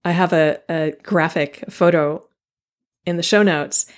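Unhurried and steady in tone, with a voice on the low side, a woman hosts her solo podcast. She speaks earnestly and animatedly, restarting her sentences and repeating key phrases for emphasis.

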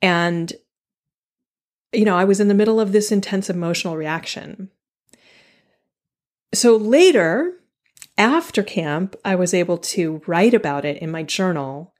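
A woman hosting her own podcast, talking candidly and thoughtfully, pausing to restart and laughing at herself now and then. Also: fairly low pitch. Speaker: podcast host. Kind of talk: reflective solo podcast talk.

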